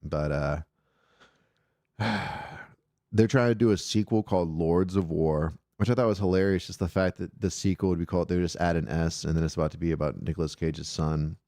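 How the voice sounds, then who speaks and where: A man's voice: low voice, steady tone, fairly quick, warm tone, no echo, studio quality. A man hosting an irreverent call-in live stream, talking casually and rambling loosely, with swearing. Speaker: call-in show host.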